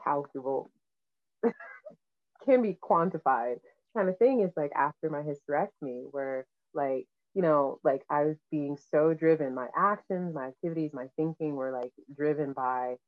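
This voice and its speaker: Low-voiced woman on a tinny line. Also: moderate pace. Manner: chatty, rambling, laughs easily. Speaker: interviewer. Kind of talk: casual chat. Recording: tinny phone-like call audio.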